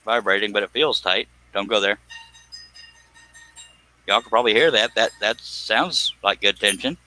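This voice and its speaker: In a low-quality recording, a man with a lowish, bright, forceful voice runs a woodworking live stream. While scroll sawing he chats casually, making jokes, going off on tangents, and slipping into put-on voices.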